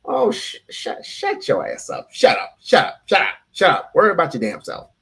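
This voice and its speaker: A man's voice: on the high side, huge pitch swings, normal speed, vocal fry, sharp tone, husky. A man hosting a casual reaction show, blunt, profane and sarcastic. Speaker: show host.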